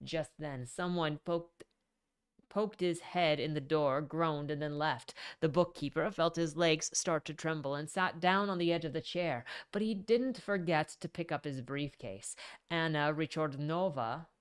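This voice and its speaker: A woman reading a novel aloud in an animated, casual way, stopping to correct her own slips. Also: low voice, unhurried, clean tone. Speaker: reader.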